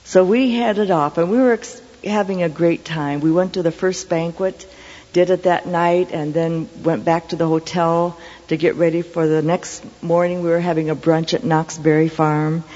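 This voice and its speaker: A middle-aged woman preacher tells a personal story in an earnest, measured way. Her voice is mellow and slightly breathy. It rings out with a long hall reverb on a dull, lo-fi recording. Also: on the low side, fairly even intonation. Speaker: Christian speaker. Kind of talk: storytelling sermon testimony.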